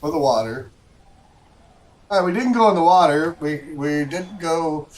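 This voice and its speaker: A man's voice: a little high, expressive, unhurried, a little hiss or hum, low-quality recording. A man hosting a livestream, giving rambling, chatty commentary to viewers while he plays a golf game. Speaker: livestream host. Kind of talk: casual gameplay commentary.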